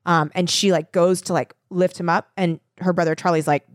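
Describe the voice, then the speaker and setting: A woman's voice: on the low side, moderate pace, no room sound, studio quality. A woman in casual chat, animatedly retelling a show's plot and acting out the lines. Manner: animated retelling, acts out quotes. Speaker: podcast co-host recapping a show.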